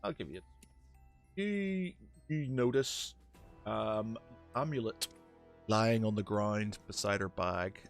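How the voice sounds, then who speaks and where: A man's voice: fairly low pitch, gravelly, faint music behind. A man narrating as game master, hesitant with many fillers and restarts. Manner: halting, lots of fillers and restarts.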